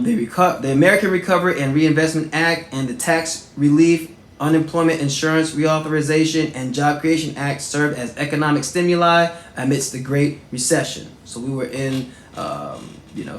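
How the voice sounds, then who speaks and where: Brief: man in his thirties, higher-pitched voice, casual storyteller full of shout-outs, echoey room. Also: moderate pace. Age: 30s. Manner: animated, shout-outs and filler words. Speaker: host.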